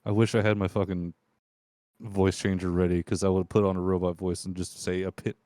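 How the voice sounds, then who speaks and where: A man's voice: deep voice, little pitch movement, brisk, mellow, no echo. A man heckling his friends in casual chat, sarcastic and crude.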